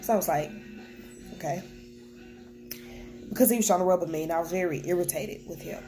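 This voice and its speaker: A young woman vlogger talks to her camera at home with children nearby, telling a personal story candidly and plainly and quoting what people said. Her voice is fairly low and mellow, she speaks fairly quickly, and faint music plays behind her.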